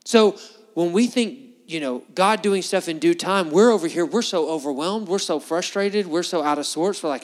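A man's voice: high voice, moderate pace, long reverb tail. Conversational preaching man, drawl. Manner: conversational, rhetorical questions, animated delivery. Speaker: pastor. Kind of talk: sermon. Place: church hall before a congregation.

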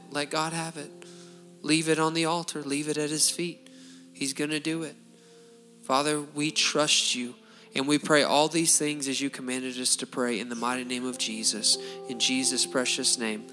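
A man's voice: medium pitch, bright, forceful tone. A man pastor leading a fervent spoken prayer at a church service, pleading and repeating phrases as he goes.

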